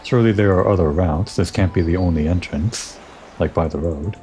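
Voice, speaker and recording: A man giving relaxed, musing commentary over a game playthrough, thinking aloud and talking to the character he plays. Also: low voice, brisk, soft background music. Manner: musing, talks to himself and the character. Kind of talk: relaxed let's-play commentary.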